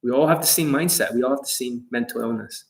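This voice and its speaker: A man coaching viewers on a live stream, talking in a blunt, heavily profane, confrontational way and swinging between loud jabs and low asides. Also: quick pace, vocal fry, rough recording. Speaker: dating coach livestreaming to viewers. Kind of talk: live stream rant, reading viewer comments.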